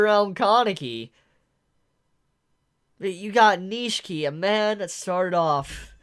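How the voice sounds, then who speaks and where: Guy reacting to a manga chapter, gets super excited and gushy, voice jumps all over the place. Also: high voice, takes it slowly. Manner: excitable and gushing, fillers like "yo" and "like". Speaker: manga reviewer. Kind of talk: casual chapter-reaction commentary.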